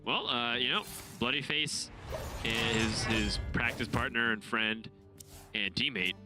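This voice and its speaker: A man's voice: medium pitch, takes it slowly. A man casting a card game tournament, analytical with joking asides. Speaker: esports caster. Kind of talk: play-by-play commentary. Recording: music bed under commentary.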